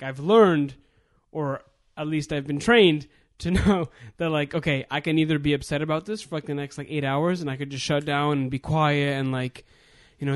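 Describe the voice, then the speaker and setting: A man with a slightly higher voice than most, chatting casually on a podcast. He rambles reflectively, circling back and restarting his thoughts, with fillers scattered throughout. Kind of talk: casual chat.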